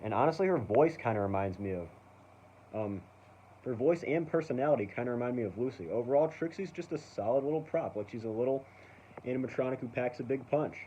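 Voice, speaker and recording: An eager fan hosts a casual review vlog, rambling and filling his speech with "like," "um" and "basically." His medium-pitched voice is expressive with a dark tone and a slightly fast pace. The lo-fi recording sounds dull, with slight background noise.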